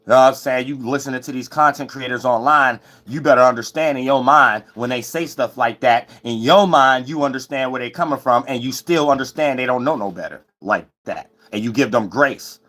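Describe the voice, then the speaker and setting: A man's voice: medium pitch, brisk, few pauses, pushed and bright. Profane, scolding preacher man. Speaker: self-styled preacher. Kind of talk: late-night livestream sermon.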